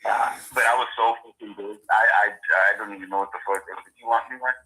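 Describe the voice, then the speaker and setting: A man with a bright, forceful voice chats casually on a podcast. He tells his story in a loose, halting way full of fillers. The sound comes through thin and tinny, like a phone line. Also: on the low side, flat delivery. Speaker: podcast co-host. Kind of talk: casual chat.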